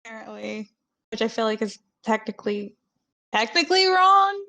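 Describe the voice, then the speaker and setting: A woman's voice: on the high side, big pitch swings, normal speed, sharp tone. A woman guest chatting casually, hesitant and self-deprecating, with frequent giggles. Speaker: podcast guest. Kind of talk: casual chat.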